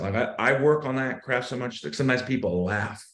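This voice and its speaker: A man in casual podcast chat, telling sales stories and acting out his phone pitches with shifting tone. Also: a little fast. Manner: animated, acts out sales calls with shifting tone. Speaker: real estate agent, guest. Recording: roomy echo.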